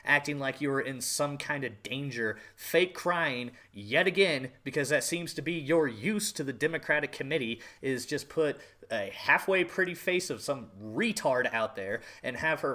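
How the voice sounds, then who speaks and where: Forceful, angry ranting man. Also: medium pitch, animated, moderate pace, hardly any pauses. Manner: angry, profane, emphatic repetition. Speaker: podcast host. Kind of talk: political rant.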